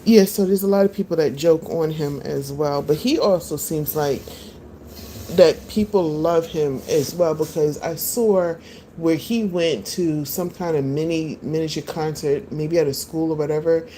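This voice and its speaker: A woman's voice: low voice, a little slow, mellow, a little hiss or hum. A woman hosting a live-stream podcast, chatting loosely with her viewers and answering their comments. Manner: chatty, rambling, talks to viewers. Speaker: podcast host. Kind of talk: casual live-stream chat. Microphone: phone.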